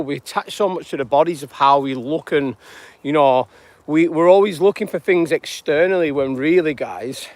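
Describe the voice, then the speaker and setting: A man's voice: a little high, a little mellow, no echo. A man, chatting casually on a live-stream walk through outdoor fields, greeting viewers and musing about life. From northwest England. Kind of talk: rambling live walk-and-talk.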